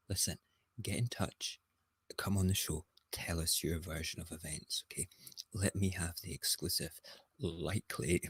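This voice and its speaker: A man's voice: deep voice, breathy edge. A man who hosts a casual morning show, reading newspaper headlines aloud and mocking them with gleeful, ranting commentary. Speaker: host. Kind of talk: casual morning news rant.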